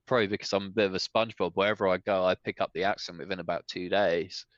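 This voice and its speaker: A man hosting a podcast, his voice fairly low and a touch dull in tone. He rants in an opinionated, animated way. The room around him sounds dry. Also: fast talker, no room sound. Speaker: podcast host. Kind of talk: casual podcast chat.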